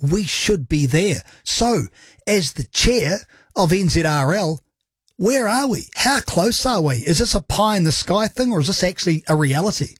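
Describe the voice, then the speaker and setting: A man's voice: sits high, animated, moderate pace, slightly rough, dry recording. A man with a New Zealand accent hosting a sports talk radio show, upbeat and chatty with a joking manner. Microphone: studio microphone.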